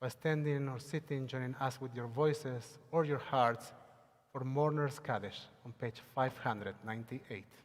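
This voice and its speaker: A man's voice: mid-range voice, measured pace. A man leading a Sabbath service, chanting Hebrew prayers and making announcements with many hesitations. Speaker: service leader. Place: synagogue sanctuary. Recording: long hall reverb on a livestream.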